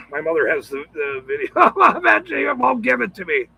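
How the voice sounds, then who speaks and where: Gravelly high-voiced man ranting. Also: huge pitch swings, normal speed, no echo, low-quality recording. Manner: shouty, swears often, laughs a lot. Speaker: commentator. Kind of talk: rambling profane commentary.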